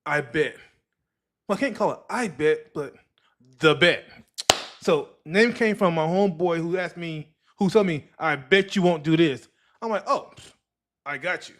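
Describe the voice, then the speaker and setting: Male podcast host, slightly high voice, rambling, storytelling, casual. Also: normal speed. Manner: rambling, storytelling with filler words. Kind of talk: solo podcast talk. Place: live streaming setup.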